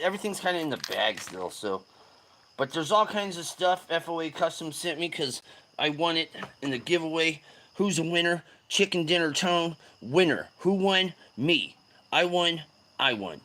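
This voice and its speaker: A man hosting a fishing livestream, chatting casually and loudly greeting viewers with slang. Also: a little high. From California.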